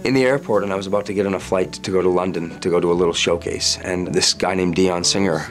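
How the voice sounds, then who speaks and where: A man's voice: sits low, fairly even intonation, fast talker. Chatty storytelling male singer. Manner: chatty storyteller, warm and playful. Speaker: singer, interview guest. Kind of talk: casual interview chat.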